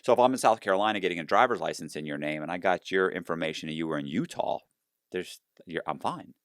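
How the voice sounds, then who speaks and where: A man's voice: low voice, quick pace, a bit bright, no room sound, clean studio sound. A man telling his own story in a casual interview. He restarts often and acts out the dialogue.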